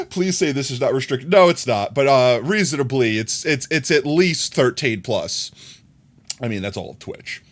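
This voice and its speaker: A man chatting casually with his viewers on a live stream, playful and teasing, laughing often and breaking into high squeals. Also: wildly swooping pitch, measured pace.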